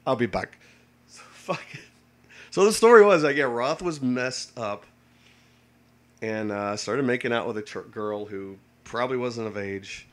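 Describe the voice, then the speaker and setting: A man's voice: mid-range voice, animated, unhurried. A man, a navy veteran, tells stories casually and rambles, with many restarts, fillers and swearing. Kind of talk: casual storytelling.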